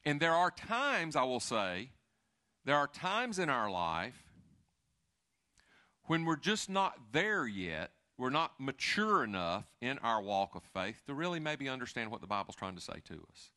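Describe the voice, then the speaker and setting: A middle-aged man preaching a sermon in a conversational, animated way, with asides and restarts. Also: mid-range voice, measured pace. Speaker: pastor.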